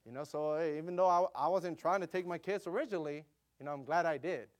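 This is a middle-aged missionary preacher from the United States who tells a story from the pulpit. He speaks quickly and with plenty of energy, and he keeps calling out to his congregation. His voice sits a little high for a man. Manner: animated, quick storytelling with audience call-outs. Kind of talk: storytelling sermon.

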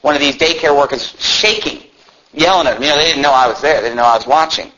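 A man's voice: fairly high pitch, fast talker, pushed and bright. A man preaching a sermon, telling a story in an earnest, conversational way, often restarting and adding asides. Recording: muffled lo-fi recording.

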